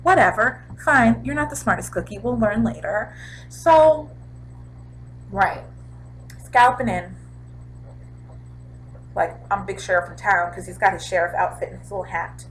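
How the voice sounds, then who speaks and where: A young woman casually recapping a TV episode in a chatty, animated way, throwing in sound effects. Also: on the high side, moderate pace, a little hiss or hum, low-quality recording. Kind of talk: casual chat.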